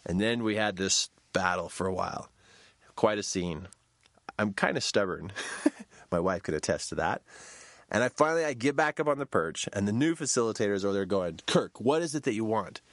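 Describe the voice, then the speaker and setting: Animated storytelling man, dry sound. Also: fairly quick, dry recording. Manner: animated storytelling, shouts quoted lines high. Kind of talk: storytelling talk.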